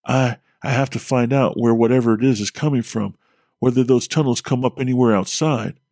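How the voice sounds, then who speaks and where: A man's voice: mid-range voice, brisk, darkish tone, dry recording, clean studio sound, lightly acted. A man voicing a panicked grown man on a farm who stammers with fear and barks urgent orders. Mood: frightened.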